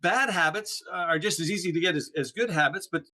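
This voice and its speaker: Male podcast guest, animated explainer, bright and slightly high voice. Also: fast. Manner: animated, explanatory, peppers talk with "right?". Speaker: podcast guest, speaker on neuroplasticity. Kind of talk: casual interview chat.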